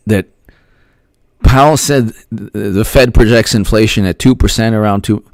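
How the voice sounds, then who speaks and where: Animated man hosting a dry-sounding livestream. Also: lowish voice, unhurried, no room sound. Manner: animated rhetorical questions, repeats lines for emphasis; thanks viewers by name often. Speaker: political commentary livestream host. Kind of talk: casual livestream commentary, reading chat.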